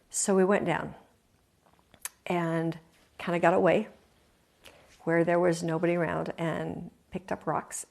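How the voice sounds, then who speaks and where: Gravelly-voiced woman telling a personal story. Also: fairly low pitch, a little mellow. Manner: earnest, confiding, emphatic repetitions. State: emotional, near tears at times. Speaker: host.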